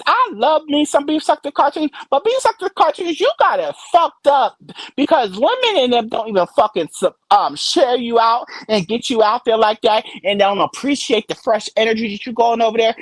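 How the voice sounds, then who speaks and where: A woman streamer giving gossip commentary, ranting and cursing heavily and laughing loudly at her own stories. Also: sits high, no echo. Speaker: live streamer.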